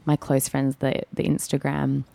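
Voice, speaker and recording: Young woman, low voice, playful casual chat, podcast guest, dry close sound. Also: monotone, measured pace, creaky, warm tone, no room sound. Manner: playful, slips into mock accents.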